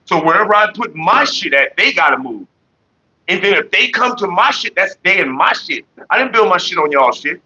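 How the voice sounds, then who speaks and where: A man hosting a casual home livestream, telling a profane story to his viewers in an animated way and slipping into quoted voices. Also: high-pitched, moderate pace, slightly rough, muffled recording. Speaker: livestream host.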